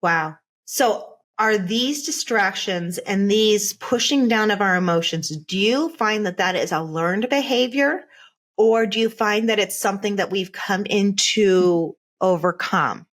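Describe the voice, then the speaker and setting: A woman's voice: mid-range voice, a little slow. A woman hosting a podcast interview, reflective and thinking aloud as she talks. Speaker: podcast host. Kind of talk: conversational interview.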